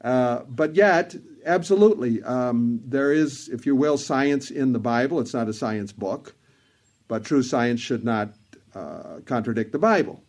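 A man's voice: mid-range voice, unhurried, darkish tone. A man preaching a sermon in an earnest, emphatic way, repeating phrases for stress.

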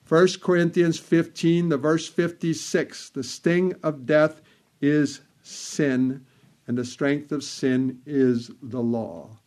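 A man preaching a sermon, speaking in measured phrases, repeating words for emphasis and quoting old scripture wording. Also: a little high, fairly even intonation, a little mellow.

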